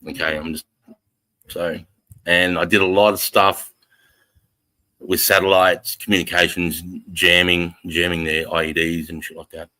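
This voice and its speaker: A very deep-voiced Australian man in his forties talks casually on a livestream, swearing freely. He reads out the chat and greets viewers as brother in a blunt, friendly way. The sound is close and dry, with no room around it. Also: little pitch movement, a little slow, pauses often, bright, forceful tone, no room sound, poor audio. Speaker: livestream host reading chat.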